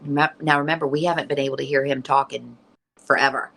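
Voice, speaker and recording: A middle-aged woman from Virginia, a guest in an interview, earnestly telling a personal story with lively restarts. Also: a bass voice, fast, gravelly, a little hiss or hum, rough recording. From Virginia, USA.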